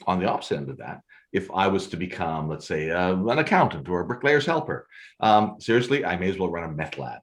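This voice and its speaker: A man, a podcast guest telling stories in a theatrical way and laughing often. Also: low-pitched. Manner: lively, theatrical, laughs often, acts out scenes. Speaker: guest, storyteller and photographer. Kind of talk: animated storytelling.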